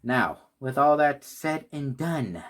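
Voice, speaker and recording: A man's voice: mid-range voice, expressive, takes it slowly. A man reviewing toys in a casual vlog, rambling and restarting as he talks, out of breath and sighing. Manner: rambling, restarts often, sighs. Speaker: toy reviewer.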